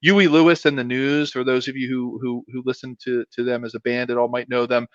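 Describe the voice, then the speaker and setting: This former pro football player from South Philadelphia rambles through a casual storytelling interview, poking fun at himself and filling it with restarts and fillers. His medium-pitched voice is flat and brisk. The recording is dry, dull and muffled.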